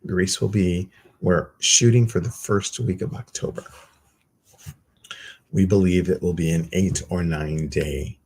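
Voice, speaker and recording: Gravelly low-voiced man hosting a livestream. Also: fairly even intonation, measured pace, darkish tone. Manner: chatty, loose, self-teasing. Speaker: meditation group host. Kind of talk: casual livestream announcements.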